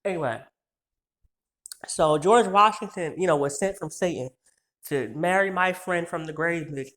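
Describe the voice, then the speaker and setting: A man's voice: a little high, fairly bright tone. Worked-up young man ranting profanely. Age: 20s. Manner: heated, profane, rapid-fire insults. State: worked up, stumbling over words. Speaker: vlogger telling a story. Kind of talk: storytime rant.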